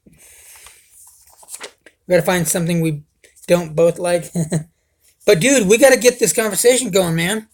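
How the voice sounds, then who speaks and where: A man's voice: high-pitched, unhurried, pauses often. Rambling guy on a livestream. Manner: rambling, profane, says dude a lot. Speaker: livestream host. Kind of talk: casual livestream chat.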